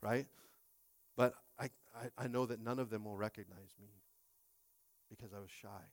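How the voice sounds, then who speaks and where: A pastor in his late thirties preaching a sermon, emphatic, swinging from quiet to loud and repeating phrases. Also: lowish voice, fairly even intonation, moderate pace, no echo, studio quality.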